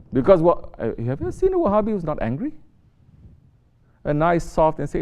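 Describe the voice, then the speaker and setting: A sheikh giving a sermon, mostly soft-spoken and rising to sharp emphasis when he scolds. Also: high voice, sing-song, brisk. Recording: dull lo-fi recording with faint noise.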